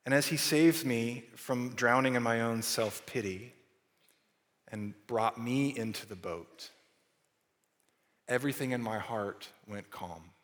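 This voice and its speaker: A man preaching with earnest conviction, at a middle pitch. He pushes some phrases up and drops others to a near hush. His voice rings out with a long, lingering reverb. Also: slow pace. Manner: earnest, shifting from raised to hushed delivery. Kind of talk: sermon.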